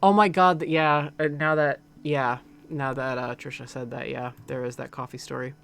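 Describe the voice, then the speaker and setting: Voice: medium pitch, fairly even intonation, moderate pace, creaky, fairly bright tone, clean tone. A streamer giving casual, joking commentary while playing and reading item text aloud.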